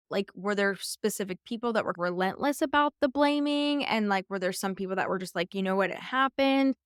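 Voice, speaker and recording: A woman hosts a podcast in a chatty, gushing way, filling her sentences with "like". Her voice sits at an ordinary pitch for a woman. The recording is dry and close, with no room sound. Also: no room sound. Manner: chatty, gushing, many "like" fillers. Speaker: podcast host. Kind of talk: conversational interview.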